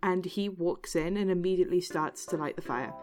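A woman narrating a tabletop role-playing game as game master, relaxed and chatty. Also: lowish voice, brisk, faint music behind.

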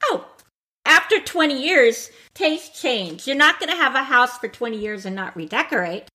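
A woman's voice: sits high, expressive, moderate pace, sharp tone. A woman interviewer asking sympathetic follow-up questions in a casual chat.

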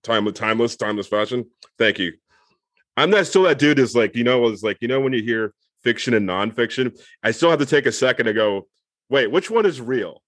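A man's voice: medium pitch, expressive, brisk, a bit bright, no room sound, studio quality. A man co-hosting a podcast in casual chat, rambling and joking as he corrects himself. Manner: rambling, jokey, self-correcting. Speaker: podcast co-host.

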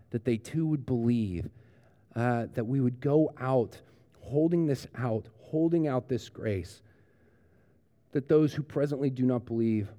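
A male pastor preaches a sermon, earnestly retelling a story before shifting into a quiet prayer. His voice is medium-pitched, with a big-room sound.

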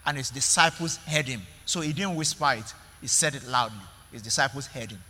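A man's voice: mid-range voice, fairly quick, sharp tone, in a large hall. A male pastor preaching a sermon in an emphatic way, repeating words and calling out to the congregation.

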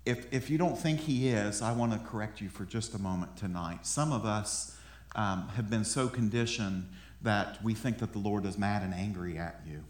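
A man's voice: lowish voice, moderate pace, echoey room. A man preaching a sermon in a conversational way, often repeating words as he builds a point. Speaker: pastor. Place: room with an audience.

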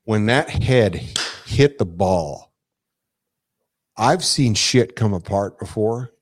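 A man's voice: lowish voice, lively intonation, slow. A man chatting casually, telling a long anecdote in a rambling way, swearing freely and restarting his sentences often. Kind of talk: casual chat.

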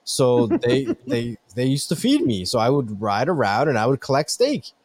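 A middle-aged man talking in loose, joking podcast banter, his pitch swinging widely as he gets worked up. He swears freely and sounds dry and close, with no room around him. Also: sing-song, normal speed, a little mellow, no echo. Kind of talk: casual chat.

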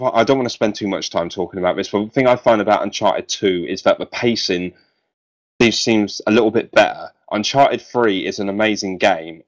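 A man with a lowish voice hosts a casual podcast. He talks in a hesitant way, with many ums and restarts. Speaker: podcast host.

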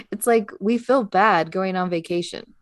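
A woman's voice: mid-range voice, a little slow, no room sound. Reflective woman with a dry, close sound. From United States. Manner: reflective, talks through her thoughts. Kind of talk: casual chat.

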